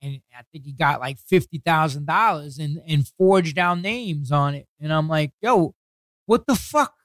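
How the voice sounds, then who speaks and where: A New York City man with a fairly high, fairly bright voice is a guest in a casual interview, telling stories from his past. He swears heavily and uses blunt street talk, quickly acting out what other people said. The recording has no echo.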